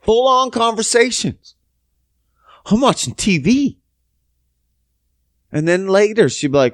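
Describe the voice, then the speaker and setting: Animated, swearing man ranting on a podcast. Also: sits high, slow, pauses often, no echo, clean studio sound. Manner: animated, profane storytelling with acted-out quotes. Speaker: podcast host. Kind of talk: casual solo podcast rant.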